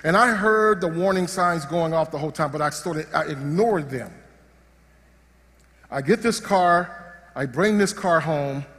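A man preaching a sermon in a church hall, his voice sitting high for a man. He talks in an animated, joking way and often restarts his sentences. Long reverb rings out behind his words. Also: unhurried. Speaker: pastor.

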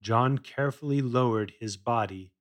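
A man narrating a children's story in a measured read-aloud style. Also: mid-range voice.

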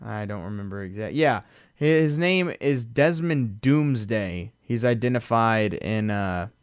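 A man's voice: lowish voice, lively intonation, unhurried, clear, resonant tone, dry recording, studio quality. A man co-hosting a podcast, chatting casually and laughing while commenting on a movie, often trailing off with fillers. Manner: laid-back, chuckling, trailing off with fillers. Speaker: podcast co-host.

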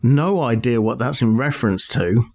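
A man's voice: mid-range voice, lively intonation, moderate pace, darkish tone, faint music behind. A man co-hosting a casual podcast chat, laughing often and explaining his points with examples. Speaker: podcast co-host.

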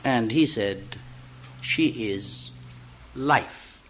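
A man giving an expressive poetry reading, slow and deliberate, rising to loud, high emphatic peaks. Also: a little hiss or hum. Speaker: poetry reader.

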